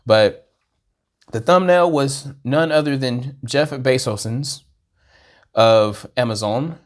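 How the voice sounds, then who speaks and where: A man hosting a casual reaction vlog, rambling and self-deprecating, swinging from hushed asides to excited bursts. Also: medium pitch, slow, pauses often. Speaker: vlogger.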